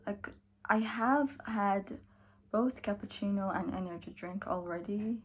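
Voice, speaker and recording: Slow-talking tired young woman vlogger. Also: medium pitch. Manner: chatty, slow and drawn out, sometimes drops to a whisper. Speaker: book vlogger. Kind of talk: casual vlog chat.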